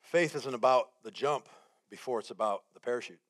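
A man preaching a sermon as guest speaker, telling a story with lively acted-out quotes and building repeated phrases. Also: mid-range voice, brisk. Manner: animated storytelling, acts out his own panic and quotes.

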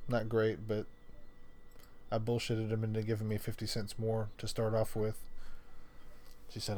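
A man's voice: lowish voice, monotone, normal speed, pauses often, a little mellow, a little hiss or hum. Profane laughing man telling a story. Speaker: storyteller in casual conversation. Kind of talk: casual chat.

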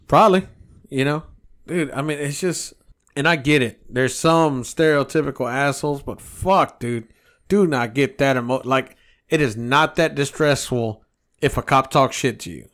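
A man's voice: mid-range voice, moderate pace, a bit bright. A man co-hosting a podcast, ranting in a heated, profane, rambling way. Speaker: podcast co-host. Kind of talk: casual podcast rant.

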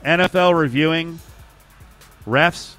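A man hosting a casual sports talk show, brisk and opinionated as he leads the segments. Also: fairly high pitch, a bit bright, faint music behind. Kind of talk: casual sports radio chat.

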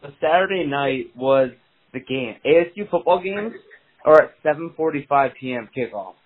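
Excitable swearing man on a tinny call. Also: fairly high pitch, moderate pace, breathy edge. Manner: excitable storyteller, swears a lot, acts out quotes. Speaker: podcast co-host. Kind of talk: casual chat about fantasy football. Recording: dry, tinny phone-line sound.

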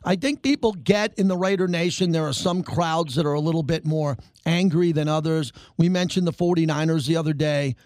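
A male sports radio host with a notably high voice. He talks with his guest in an energetic, chatty way. His voice is close and dry in a studio booth. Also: a little fast, few pauses, no room sound. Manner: conversational, energetic questioning.

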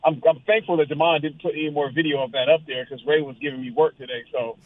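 Rambling caller-in guest, man, high voice, tinny dry phone line. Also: steady tone, quick pace, no echo. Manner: rambling, storytelling. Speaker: guest amateur boxer. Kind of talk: casual chat.

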